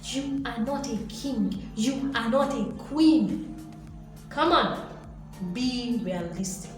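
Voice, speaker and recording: A woman giving a motivational talk with a fairly high voice, animated and lecturing. She slips into acted-out voices as she goes. The sound is very echoey, with faint music underneath. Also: takes it slowly. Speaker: motivational vlogger.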